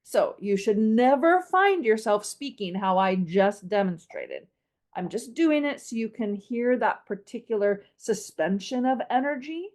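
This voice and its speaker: A woman's voice: on the high side, expressive, unhurried, darkish tone. A woman voice coach hosting an instructional podcast, explaining and demonstrating vocal melody with a playful, laughing manner.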